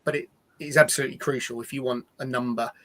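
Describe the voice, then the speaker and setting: A man presenting a live-streamed software demo, talking casually and repeating words as he restarts sentences. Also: medium pitch, fairly even intonation, fast.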